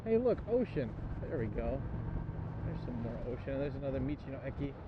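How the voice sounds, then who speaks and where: A man's voice: medium pitch, very animated, fairly quick. A young man riding a motorcycle outdoors, rambling, joking and swearing to his viewers in casual commentary. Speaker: motorcycle travel vlogger. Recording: muffled sound with loud road noise.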